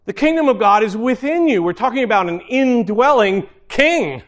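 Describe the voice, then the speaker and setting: Man, fairly high voice, informal sermon, chatty asides, preacher. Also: lively intonation, normal speed, muffled recording.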